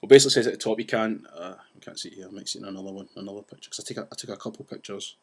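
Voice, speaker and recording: A man ranting casually to the camera, rambling with restarts and asides and talking fast. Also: fairly low pitch, a little mellow. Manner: says he talks fast. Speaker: vlogger.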